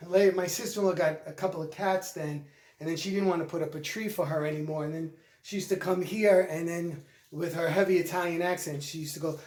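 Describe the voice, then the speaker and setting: A man in casual home vlog chat, telling relaxed stories and repeating his openings as he goes. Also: high-pitched, fast talker. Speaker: co-host, decorator. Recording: echoey room.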